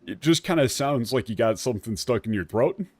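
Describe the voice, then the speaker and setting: A man's voice: medium pitch, animated, a little fast, a little mellow, husky, no room sound. A man streaming a video game, chatting casually in a rambling way and laughing often. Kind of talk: casual gameplay commentary.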